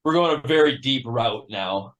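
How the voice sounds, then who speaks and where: A man who plays in a metal band, a guest in a casual podcast interview, talking in an excitable, profane way and laughing often. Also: medium pitch, normal speed.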